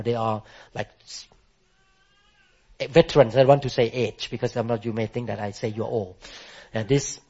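A man's voice: mid-range voice, darkish tone. A man who moved to the country as an adult, preaching a sermon emphatically and asking the congregation questions. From immigrant to the country where he preaches. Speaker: pastor. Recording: muffled lo-fi sound.

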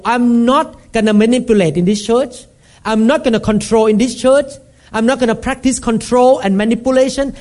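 A man preaching a sermon as a pastor, emphatic and repetitive, acting out scenes with sudden shouts. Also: very high-pitched. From Thailand.

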